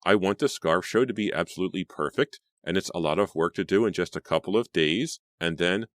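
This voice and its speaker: A man's voice: deep voice, brisk, no room sound, clean studio sound, close to an everyday voice. A man voicing a spoiled, scheming teenage girl who gushes sweetly and snaps sarcastically. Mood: pleading. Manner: gushing, sarcastic, sharp-tongued.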